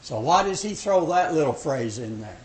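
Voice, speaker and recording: A man's voice: on the high side, sing-song, moderate pace. An older man in his sixties leading a Bible study class, joking and emphatic as he asks questions. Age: 60s. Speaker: Sabbath school teacher.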